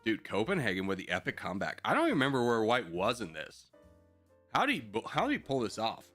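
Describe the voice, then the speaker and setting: A man's voice: lowish voice, huge pitch swings, fast talker, fairly bright tone, soft background music. A man streaming a strategy game live, chatting with viewers in joking mock rants and laughing often.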